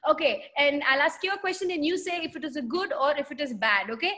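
A woman's voice: sits high, fast talker. A woman telling a story to children on a video call, asking them questions and acting out voices as she goes. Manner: animated, asks children questions and acts out voices. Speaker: children's Sunday school teacher.

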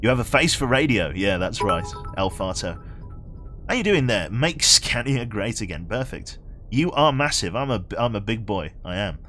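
A man's voice: lowish voice, sing-song, normal speed, bright, forceful tone, soft background music. A young man with a Birmingham accent chatting casually with viewers while he streams a game, self-mocking, laughing often and swearing freely. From England. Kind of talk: casual live-stream chat while playing.

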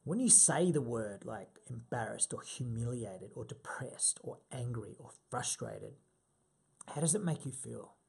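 A man's voice: medium pitch, expressive, unhurried, vocal fry, darkish tone, slightly rough. A man coaching a group through an exercise, giving direct, repetitive instructions with fillers.

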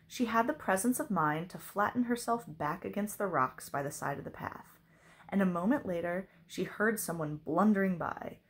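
A woman reading a children's novel aloud, expressive. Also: fairly low pitch. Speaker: reader.

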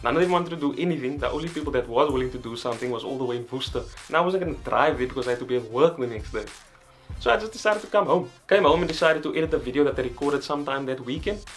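A young man from South Africa with a South African accent, excitedly rambling through a casual storytime vlog. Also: mid-range voice, very fast. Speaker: vlogger. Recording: background music under voice.

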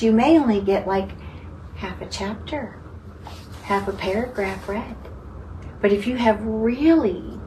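A woman teaching a Bible study group in a conversational style, earnest and dwelling on single words. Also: on the high side. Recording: distant mic, faint background noise.

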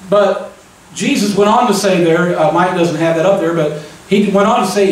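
A man's voice: high-pitched, normal speed. Folksy preacher man in echoey church. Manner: folksy, keeps asking the crowd "amen?". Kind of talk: conversational sermon. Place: church sanctuary. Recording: echoey church room, mic at a distance.

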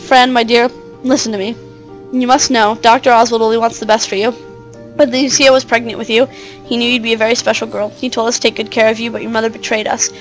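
A woman's voice: fairly high pitch, level tone, quick pace, faint music behind, lightly acted, rough recording. A woman voicing a scheming aunt who coaxes her niece in a cold, persuasive way. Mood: coaxing. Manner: coaxing, cold.

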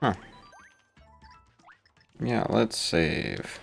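Slow, gravelly man playing a game. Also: fairly low pitch, wildly swooping pitch. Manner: laid-back, mumbling asides, self-mocking. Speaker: gaming channel host. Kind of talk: casual let's play commentary. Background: faint game music.

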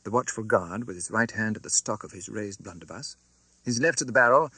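Expressive male audiobook narrator, bright tone. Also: lowish voice, a little fast, husky, no echo. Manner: expressive, dramatic reading. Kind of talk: scripted narration of a classic novel.

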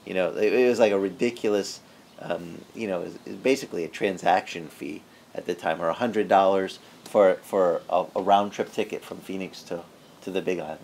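A male pastor telling a story in a sermon, animated and conversational, acting out the people he quotes. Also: sits low, fairly quick, creaky, a little hiss or hum. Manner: conversational with frequent restarts.

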